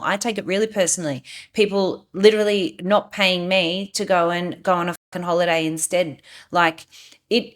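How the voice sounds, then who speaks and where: A woman, co-hosting a business podcast, blunt and practical, swearing in passing. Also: fairly low pitch. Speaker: podcast co-host, business owner. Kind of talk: casual podcast chat.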